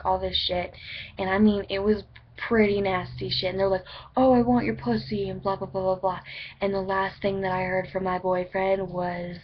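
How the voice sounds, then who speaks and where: A woman casually telling a story to camera in a rambling, chatty way, swearing freely. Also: medium pitch. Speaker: vlogger. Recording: dull lo-fi webcam audio with faint noise.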